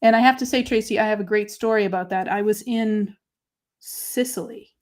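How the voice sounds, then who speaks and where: A woman hosting a live crafting show, chatting with viewers and talking through each step, her voice dropping to quiet murmurs while she writes. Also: mid-range voice, fairly even intonation, normal speed. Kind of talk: live crafting chat, answering viewer comments.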